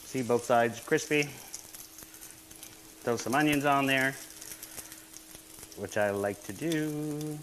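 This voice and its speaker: A man's voice: medium pitch, slow pace, pauses often, fairly bright tone, a little hiss or hum, rough recording. A man hosting a casual home cooking stream from his apartment kitchen, chatty and laid-back, laughing often. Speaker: host of a home cooking show.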